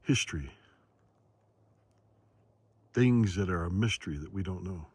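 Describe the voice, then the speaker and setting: A man vlogging outdoors in the woods, musing slowly and philosophically as he walks. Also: sits low, lively intonation, a little mellow, breathy edge, dry recording. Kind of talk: reflective outdoor vlog narration.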